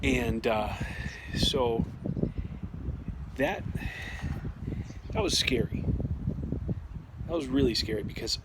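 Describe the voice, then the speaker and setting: Man telling a story over loud noise. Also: medium pitch, takes it slowly, long pauses. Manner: conversational, with frequent restarts and quoted dialogue. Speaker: storyteller sharing a personal experience. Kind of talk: casual personal storytelling.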